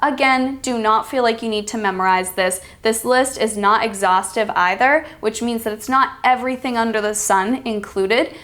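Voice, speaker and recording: A woman teaching an online pronunciation lesson, reading example sentences slowly and deliberately. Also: fairly high pitch, fairly bright tone. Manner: clear, instructive teacher's delivery. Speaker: accent coach.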